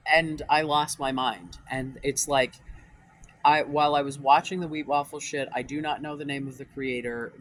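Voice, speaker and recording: A man's voice: mid-range voice, a bit bright, poor audio. Rambling, profane young man vlogging. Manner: rambling, profane, exasperated, many fillers and restarts. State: voice cracking after crying. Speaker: dating advice vlogger. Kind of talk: casual ranting vlog.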